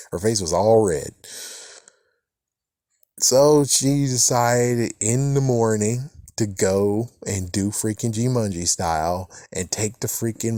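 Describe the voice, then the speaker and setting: A man's voice: on the low side, mellow, dry recording, studio quality. A man giving a casual, rambling recap of a TV episode, swearing casually and chuckling often. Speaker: TV episode reviewer.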